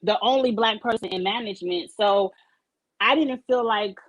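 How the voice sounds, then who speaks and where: A woman's voice: mid-range voice, moderate pace, poor audio. A woman hosting a casual live-stream chat over a video call, speaking emphatically and candidly and swearing freely. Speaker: host of a live-streamed talk show; supervisor at work.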